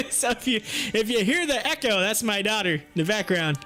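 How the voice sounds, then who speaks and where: A man's voice: high voice, lively intonation, moderate pace, pushed and bright. A young man hosting a live stream from home, chatting casually, joking and laughing often while he waits. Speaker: livestream host.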